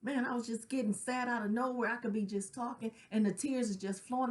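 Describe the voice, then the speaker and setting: A woman's voice: a little high, fairly even intonation, fast, a little mellow. A middle-aged woman speaking earnestly about grief in a conversational, personal way, with casual slang and frequent "right?" check-ins. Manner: conversational, tag questions like "right?". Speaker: grief counselor sharing her own loss. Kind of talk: personal spoken reflection.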